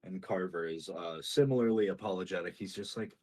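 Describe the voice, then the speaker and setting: A man's voice: deep voice, a little fast, hardly any pauses, a little mellow. A young man narrating a tabletop game as game master, casual and full of fillers.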